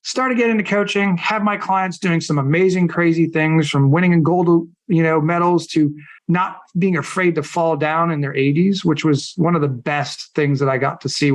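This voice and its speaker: Middle-aged male coach, casual and blunt, tells stories with energy in a slightly high voice. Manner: animated, acts out quoted people. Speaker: podcast guest, coach. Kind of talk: casual storytelling.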